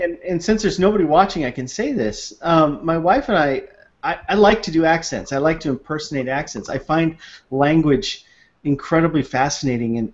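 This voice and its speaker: A man co-hosting a casual online hangout, chatty and playful, with frequent restarts. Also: on the high side. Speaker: video hangout co-host. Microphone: video call. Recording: dull lo-fi video call audio.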